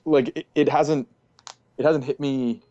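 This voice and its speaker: A man's voice: medium pitch, steady tone, measured pace, warm tone, lo-fi sound. A man co-hosting a gaming podcast who speaks hesitantly, repeating words as he looks for them. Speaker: podcast co-host. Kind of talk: casual gaming chat.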